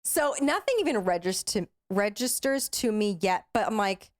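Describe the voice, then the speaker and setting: A young woman co-hosting a podcast, telling a story casually, animated and full of fillers, acting out what people said. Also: mid-range voice, moderate pace. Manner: animated, acts out quoted voices, filler-heavy. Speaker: podcast co-host.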